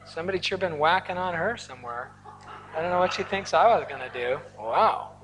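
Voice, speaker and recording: A man preaching a sermon from the pulpit, telling stories with lively asides and the occasional laugh. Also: high-pitched, quick pace, a crowd in the background. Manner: storytelling, animated asides with laughter. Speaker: pastor. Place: large hall or church auditorium. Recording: long hall reverb.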